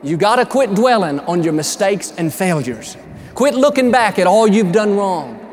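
Male pastor, high-pitched, twang, emphatic and encouraging sermon delivery. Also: big pitch swings, normal speed, a little mellow. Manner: upbeat, emphatic preaching with folksy storytelling.

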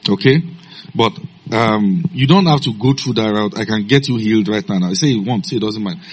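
Husky-voiced man preaching a sermon. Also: brisk. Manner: swings from low calm storytelling to sudden loud shouted commands.

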